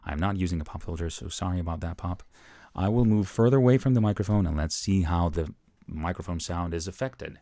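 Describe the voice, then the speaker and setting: A man teaching about microphones in a chatty, casual demonstration, moving closer to and farther from the mic in a small, lively room. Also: low voice, brisk. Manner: chatty, explains while moving toward and away from the mic. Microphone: studio microphones tested at changing distances.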